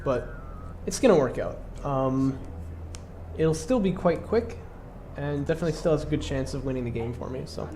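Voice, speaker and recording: A man's voice: mid-range voice, lively intonation, normal speed, mellow, a little hiss or hum. A congested man casually commentating his own strategy game match, explaining his moves with plenty of fillers.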